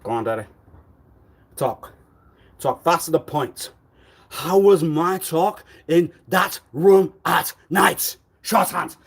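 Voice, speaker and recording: A man's voice: a little high, slow pace, husky. A man on a live stream, talking in an insistent, repetitive way and firing accusing, demanding questions. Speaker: livestreamer.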